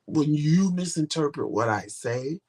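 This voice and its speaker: A man's voice: fairly high pitch, animated, a little slow, darkish tone. A man co-hosting a casual couple's chat show, talking directly and animatedly, acting out quoted back-and-forth dialogue. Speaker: co-host.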